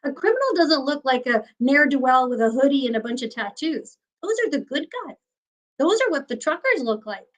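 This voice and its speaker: Woman, high voice, fired-up interview guest who vents and curses. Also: very animated, a little fast, rough recording. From Canada. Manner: indignant, ranting, swears freely. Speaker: guest, former news director. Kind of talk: heated interview talk.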